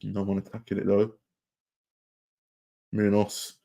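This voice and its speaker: Low-voiced lad calling a match. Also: male voice, takes it slowly, gravelly. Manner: excitable, shouts at players, casual slang. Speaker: fan watchalong host. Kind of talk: live match watchalong commentary.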